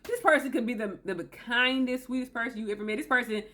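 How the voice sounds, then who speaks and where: A woman's voice: a little high, fast talker, pushed and bright, a little hiss or hum. A woman hosting a self-help video, talking straight to camera, emphatic and repeating her key points. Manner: emphatic, repeats key phrases, acts out quoted people. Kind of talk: direct-to-camera advice talk.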